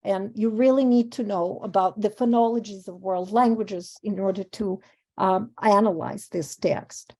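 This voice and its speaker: Russian-native woman academic, middle-aged, warm mellow timbre, lectures with ums and restarts. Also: medium pitch, a little slow. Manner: thoughtful, with frequent ums and self-corrections. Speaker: panel speaker on verse translation. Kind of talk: academic conference talk.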